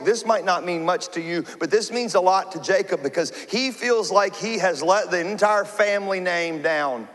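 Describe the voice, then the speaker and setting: High-voiced male pastor preaching. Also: moderate pace, few pauses, in a large hall. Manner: animated storytelling with humor. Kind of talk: sermon.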